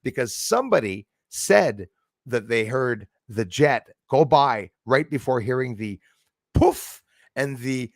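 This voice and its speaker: A man hosting a casual chat, telling stories in an excitable, animated way. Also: mid-range voice, slow pace, no echo, studio quality. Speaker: podcast host.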